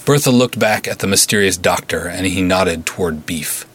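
A man narrating a pulp-style serial story in a measured, vivid storytelling manner. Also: low-pitched, a bit bright, husky. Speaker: writer and narrator.

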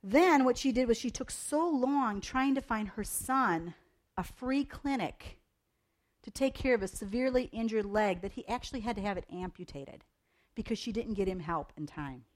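A woman's voice: on the high side, normal speed. A middle-aged woman giving a casual devotional talk to young people, chatty and rambling through personal stories. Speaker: youth devotional speaker.

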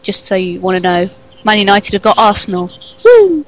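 A woman at a mid-range pitch co-hosts a relaxed podcast chat. She teases, giggles readily, and tells jokes in a chatty, easygoing way. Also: fairly quick, rough recording. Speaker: podcast co-host. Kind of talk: casual chat telling jokes.

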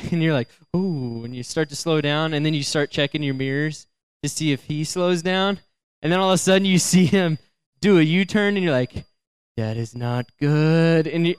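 A young man telling a funny personal story to a young audience, talking in a chatty, animated way, laughing often and filling in with "you know" and "like". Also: fairly high pitch, smooth, no room sound. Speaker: youth speaker.

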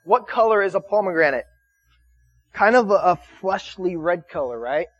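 A man's voice: high-pitched, lively intonation, moderate pace, dry recording, highs cut off, faint music behind. A man preaching a sermon in a loose, conversational way, often restarting his words and checking in with his listeners. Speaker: pastor.

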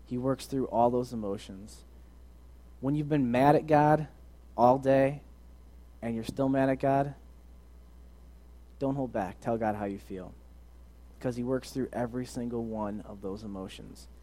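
Young male preacher, conversational and earnest, warm dark tone, mid pitch. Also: unhurried, long pauses. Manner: earnest, conversational, swings from loud to soft. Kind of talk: casual sermon.

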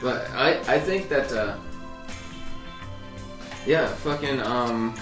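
A man's voice: mid-range voice, slow, far from the mic. A young man co-hosting a podcast in casual chat. He drawls, swears and laughs a lot. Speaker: podcast co-host. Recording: echoey room, off-mic, faint music.

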